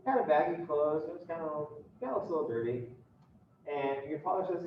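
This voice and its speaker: A male law lecturer telling an animated, playful hypothetical story to his students during a university lecture. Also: on the high side, a little fast, a little hiss or hum. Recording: echoey classroom from a distant mic, dull.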